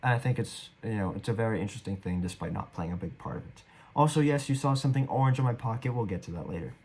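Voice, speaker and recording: A man's voice: lowish voice, lively intonation, fast talker, a little mellow, slightly rough. A young man giving casual, rambling commentary on his own stage performance, a bit self-deprecating. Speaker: actor reviewing his performance.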